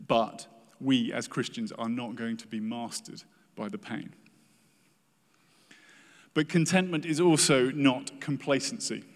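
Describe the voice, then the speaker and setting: A man preaching a sermon in an earnest way, acting out the complaints of the people he quotes. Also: medium pitch. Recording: reverberant hall.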